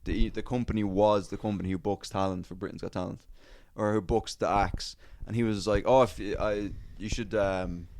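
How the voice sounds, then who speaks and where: Male podcast host, low voice, rambling casual storyteller. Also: fairly even intonation, moderate pace, creaky, hardly any pauses, darkish tone. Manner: rambling storyteller, swears freely, many "uh"s. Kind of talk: casual chat.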